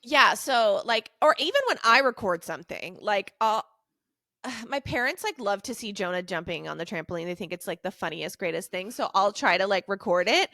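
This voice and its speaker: A woman in her thirties co-hosting a casual podcast, quick to laugh and full of "like"s. Her voice is bright and a little sharp. She sounds close and dry, with no room around her. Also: medium pitch, lively intonation, dry recording. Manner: quick to laugh, fills every phrase with "like". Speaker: podcast co-host. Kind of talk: casual chat.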